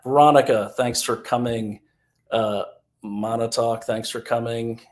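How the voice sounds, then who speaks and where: A middle-aged man from Maine co-hosting a casual talk show, easygoing and halting, reading out viewer names with many fillers. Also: mid-range voice, fairly even intonation. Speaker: co-host. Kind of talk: casual chat.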